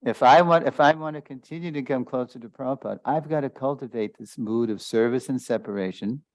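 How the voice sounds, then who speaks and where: A man's voice: medium pitch, fairly quick, dry recording. A man giving a spiritual lesson as a story, talking loosely with many fillers and small chuckles. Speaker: spiritual teacher. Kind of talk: storytelling lecture.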